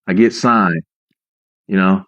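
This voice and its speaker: A man's voice: low-pitched, slow, fairly bright tone, no room sound. A man telling his own story emphatically, repeating his points and checking in with "right?". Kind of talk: emphatic personal account. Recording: dry, muffled lo-fi audio.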